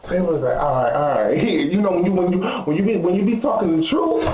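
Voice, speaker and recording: A man's voice: sits high, expressive, fairly quick, crowd noise. A man voicing a sassy, blunt young woman who frankly tells a comic dating confession and laughs between lines. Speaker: storyteller. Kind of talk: comedic confession monologue. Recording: roomy, slightly dull recording.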